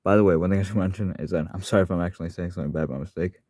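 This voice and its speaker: Talking very fast in a low, slightly mellow voice with fairly even intonation, a man discusses the characters he voices as a fan voice actor on his channel. The recording is dry and clean, studio-grade. His casual vlog monologue rambles, apologetic and full of self-corrections.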